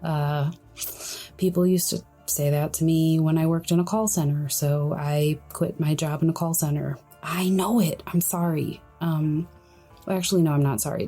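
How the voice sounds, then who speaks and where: A young woman hosting a solo podcast, speaking in a quiet, breathy, hushed voice as she gives advice. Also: low voice, fairly even intonation, moderate pace, soft background music. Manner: hushed, soft-spoken, friendly. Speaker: podcast host.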